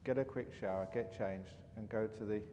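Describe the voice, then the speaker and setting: A man's voice: lowish voice, brisk, mellow, highs cut off. Monk guy telling a story, chatty, lots of "you know", long echo, faint hiss behind. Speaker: monk giving a teaching. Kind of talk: storytelling dharma talk. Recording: reverberant hall, faint background noise.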